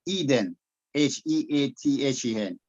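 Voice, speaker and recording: Male tutor, mid-pitched, patient, spells things out, dull lo-fi call audio. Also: measured pace. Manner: patient, spells words out letter by letter. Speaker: teacher.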